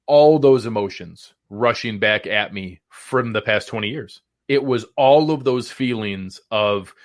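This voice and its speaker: A man's voice: fairly low pitch, a bit bright, no room sound, studio quality. A man co-hosting a post-game sports talk show, breaking down plays in emphatic detail. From Buffalo area. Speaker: podcast co-host.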